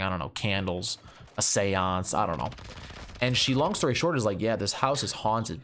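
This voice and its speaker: A man spins a story in a casual, rambling way with plenty of swearing and fillers. His voice sits on the low side. There is a faint layer of noise behind him. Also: fairly bright tone. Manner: rambling, profane, lots of fillers. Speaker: gaming channel host. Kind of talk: casual storytelling over gameplay.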